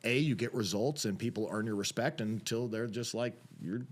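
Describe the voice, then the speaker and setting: A man guesting on a podcast, telling stories about coaching and refereeing jiu-jitsu in a casual, animated way, acting out what people said. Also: fairly low pitch, moderate pace. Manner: animated storyteller, acts out quotes, repeats phrases. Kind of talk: casual storytelling interview.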